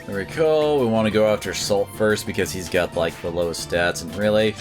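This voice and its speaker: A man's voice: on the low side, a little fast, music in the background. A man giving offhand, joking commentary while streaming a game. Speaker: gaming streamer. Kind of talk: casual let's-play commentary.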